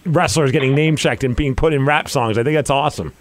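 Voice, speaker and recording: A man of forty hosting a casual interview, an excitable and eager fan. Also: mid-range voice, fast talker, heavy background noise. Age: 40s. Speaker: podcast host.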